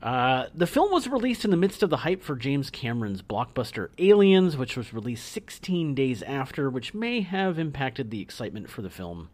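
A man's voice: medium pitch, very animated, normal speed, hardly any pauses. A middle-aged man co-hosting a casual movie podcast, reading film trivia notes aloud between bits of banter. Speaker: podcast co-host.

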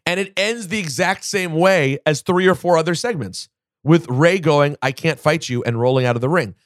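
A man's voice: a little high, no room sound, clean studio sound. A man hosting a casual podcast chat, arguing his points emphatically and pushing back hard. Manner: emphatic, argumentative, quick to push back. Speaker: podcast host.

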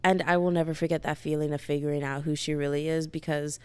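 A woman's voice: sits low, little pitch movement, quick pace, darkish tone, clean tone. A young woman chatting casually and animatedly as a book vlogger, gushing and rambling with lots of "like". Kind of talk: casual book review chat.

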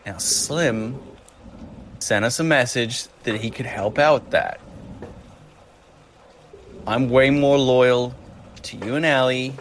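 A man's voice: mid-range voice, a little hiss or hum. A man voicing a blunt male soldier who turns on his team and gives firm, insistent commands.

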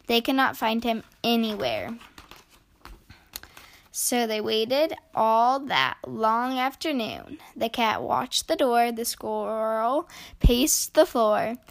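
A woman reading a children's picture book aloud in an expressive storytelling voice. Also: on the high side, vocal fry. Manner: slow, expressive read-aloud.

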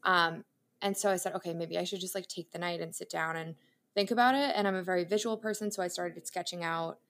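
A woman's voice: fairly low pitch, fairly even intonation, brisk, a bit bright. A young adult woman, an interior designer guesting on a podcast, telling her career story in a candid, chatty way, laughing often.

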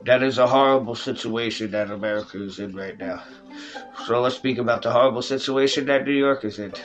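A man's voice: mid-range voice, a little fast, lo-fi sound, faint music behind. A man giving a heated, profane casual political rant, speaking straight to his audience as folks. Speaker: vlogger.

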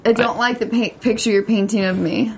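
A woman's voice: on the high side, fairly even intonation, a little fast, a little hiss or hum. A woman co-hosting a casual TV recap podcast, playful and giggly. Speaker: podcast co-host.

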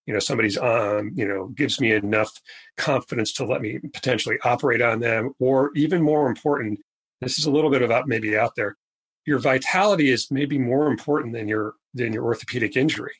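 Male podcast guest, surgeon, husky tone, emphatic and repetitive with key phrases. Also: mid-range voice, fairly bright tone, rough recording. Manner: emphatic, repeats catchphrases slowly for stress. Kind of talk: conversational podcast interview.

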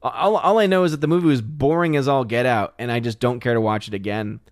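A man hosts a livestream and chats through viewer comments in a loose, rambling way. He often stumbles and restarts his sentences. His voice sits in a middle pitch, recorded close and dry. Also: no room sound. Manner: rambling, halting restarts, chatty. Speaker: livestream host. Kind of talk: casual chat, reading live comments.

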